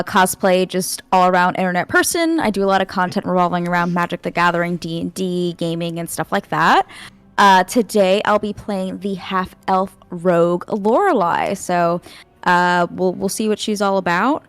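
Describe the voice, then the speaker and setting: A woman's voice: on the low side, clean tone. A woman introducing herself as a player on a game stream, breezy and upbeat in a casual chat.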